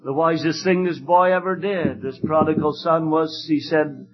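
Guy preaching a sermon, high voice, tells stories all fired up, kinda dull old recording w faint music. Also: fairly even intonation, normal speed. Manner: fervent, emphatic storytelling that swings to loud exclamations. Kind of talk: evangelistic sermon with storytelling.

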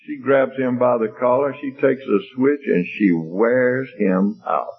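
A man's voice: medium pitch, unhurried. A man preaching a sermon with an emphatic, repetitive cadence, telling a homespun story and then leading a prayer. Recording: husky voice over tinny phone-like line with faint music.

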